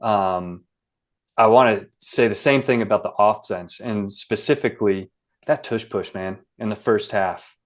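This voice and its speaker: A young man co-hosting a casual sports podcast, talking in a relaxed, rambling way full of fillers. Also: on the low side, unhurried. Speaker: podcast co-host.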